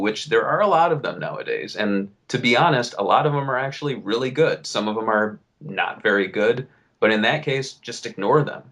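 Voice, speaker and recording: A young man co-hosting a casual podcast, venting and riffing in an animated way, swearing freely. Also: fairly low pitch, fairly quick. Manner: animated, swearing, riffs and vents. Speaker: podcast co-host.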